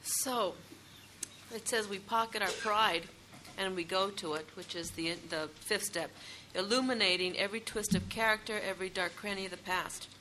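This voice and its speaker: A woman's voice: mid-range voice, moderate pace, bright, forceful tone, a little hiss or hum, rough recording. A woman leading a meeting, reading passages from a book aloud and summing them up. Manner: reads passages, then sums them up.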